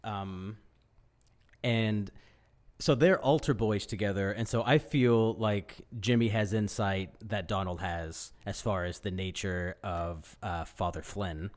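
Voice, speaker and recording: Low-voiced man musing with many fillers. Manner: measured, hesitant, many fillers. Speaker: podcast co-host. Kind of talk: casual movie discussion.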